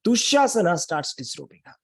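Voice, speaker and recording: Husky-voiced man telling a sacred story. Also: high-pitched, sing-song, a little fast. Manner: emphatic, dramatic storytelling with heavy repetition. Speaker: spiritual speaker. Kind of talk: sermon retelling a scripture story.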